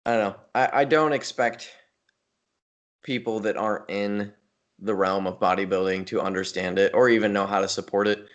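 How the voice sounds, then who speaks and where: A man co-hosting a podcast, talking casually about bodybuilding and coaching with a relaxed, rambling manner and frequent restarts. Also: fairly low pitch, moderate pace, lo-fi sound. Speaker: podcast co-host. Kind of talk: casual chat.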